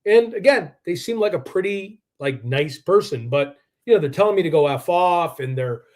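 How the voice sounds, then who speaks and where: A man hosting a live true-crime stream in a rambling, combative way. His voice sits a little higher than most men's. He fills his talk with "like" and restarts. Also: darkish tone. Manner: rambling, combative, heavy use of "like".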